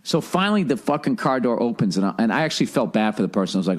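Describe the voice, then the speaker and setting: A man's voice: mid-range voice, sing-song, very fast. A man streaming live, telling a rambling, profanity-laden story in casual chat. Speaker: livestreamer.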